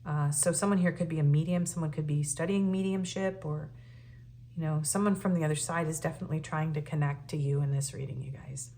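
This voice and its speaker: Woman tarot reader, slightly low voice, earnest and emotional, casual filler-heavy delivery, faint background hum. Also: fairly even intonation, a little fast, warm tone. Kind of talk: casual spoken tarot reading.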